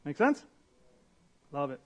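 A man's voice: slow pace, a little mellow, muffled recording. A young man preaching a sermon as a pastor, casual and conversational, with slang, restarts and Bible readings.

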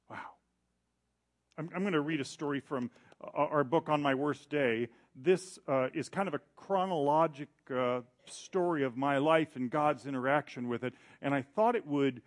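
A middle-aged male pastor preaching a sermon in an animated way, acting out quoted voices. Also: mid-range voice.

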